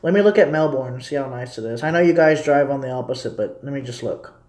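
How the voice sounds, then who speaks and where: A man's voice: mid-range voice, expressive, fast talker, a little mellow. Rambling man, echoey room. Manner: rambling, repetitive, talking to viewers. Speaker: streamer. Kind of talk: casual live commentary.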